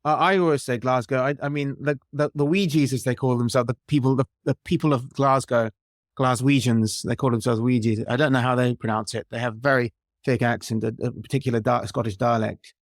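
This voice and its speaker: A British man talking as a podcast guest in a lively, opinionated way, with many restarts. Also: mid-range voice, fairly quick, no room sound, clean studio sound. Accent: British English. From Britain. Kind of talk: casual interview chat.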